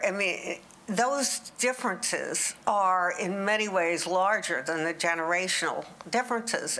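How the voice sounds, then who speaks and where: A woman asking a conference panel a thoughtful, deliberate question. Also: fairly low pitch, pushed and bright, rough recording. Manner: thoughtful, deliberate, searching for words.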